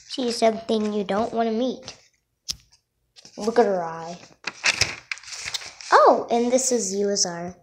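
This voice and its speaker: A woman casually showing off her drawings, halting and self-conscious, often apologizing. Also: medium pitch. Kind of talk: casual show-and-tell. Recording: noisy home recording.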